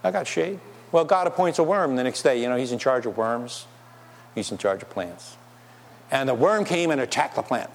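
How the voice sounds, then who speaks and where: Preacher with a long hall echo. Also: male voice, mid-range voice, animated, normal speed. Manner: preaching with rhetorical questions to the congregation. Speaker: pastor. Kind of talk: sermon.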